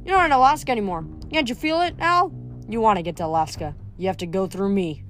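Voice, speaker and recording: A woman reading aloud voices a steady young man who answers in a calm, dry, matter-of-fact way. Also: medium pitch, quick pace, soft background music, natural voice. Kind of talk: audiobook character voice.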